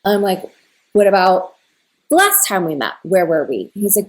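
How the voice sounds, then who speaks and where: A woman's voice: mid-range voice, very animated, moderate pace. A young woman telling a personal story in a casual, rambling way, full of "like" and emotional retellings of a conversation. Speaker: spiritual content creator.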